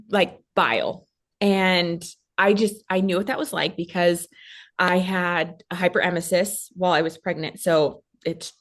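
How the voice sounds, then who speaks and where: Woman from Texas, animated storyteller. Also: fairly low pitch. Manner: animated, acts out quoted voices. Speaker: podcast guest. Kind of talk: casual storytelling.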